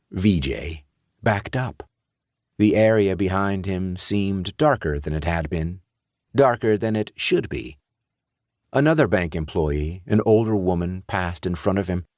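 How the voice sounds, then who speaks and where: A man reading a horror story aloud in a measured storytelling delivery. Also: deep voice, a little mellow, no room sound, clean studio sound. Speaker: audiobook narrator. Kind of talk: scripted narration.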